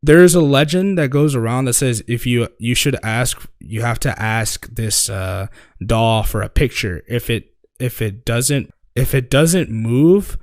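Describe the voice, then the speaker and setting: A man's voice: mid-range voice, unhurried, no echo. Rambling young man telling stories, dry mic. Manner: rambling storyteller, swears casually, many fillers. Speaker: podcast co-host. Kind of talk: casual chat.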